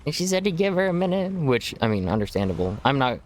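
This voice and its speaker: A man's voice: mid-range voice, big pitch swings, quick pace. A man from Texas streaming a game, chatting casually in a rambling way and breaking into silly voices now and then. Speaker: gaming streamer. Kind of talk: casual chat while playing. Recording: noisy stream audio.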